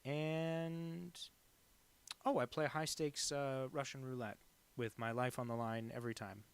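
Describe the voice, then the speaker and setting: A man streaming live as a cartoonist, chatting casually while he draws and rambling through deadpan jokes. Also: medium pitch, a little slow, clean tone.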